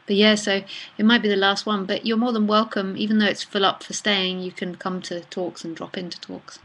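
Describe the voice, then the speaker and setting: Relaxed woman chatting on a live stream. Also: medium pitch, a little fast. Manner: relaxed, chatty, reads messages aloud with soft murmured asides. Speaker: nonduality speaker answering live chat questions. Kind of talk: casual live-stream talk.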